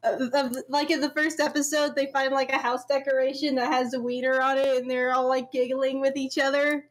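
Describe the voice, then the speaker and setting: A woman co-hosting an animation podcast who chats in an excitable, rambling, emphatic way. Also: high-pitched, fairly quick. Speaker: podcast co-host. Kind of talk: casual chat.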